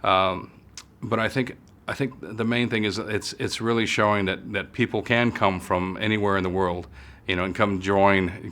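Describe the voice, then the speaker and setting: A man from the United States with a low voice and a bright, forceful edge. As an interview guest he tells stories in a relaxed, halting way, often stopping to restart a sentence or fill the gap. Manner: halting, many fillers and restarts. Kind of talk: casual storytelling conversation.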